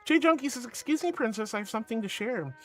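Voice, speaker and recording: A man's voice: very high voice, lively intonation, fast talker, fairly bright tone, faint music behind. A man streaming as a VTuber, reading chat aloud in a sweet, doting way and calling viewers sweetie and honey.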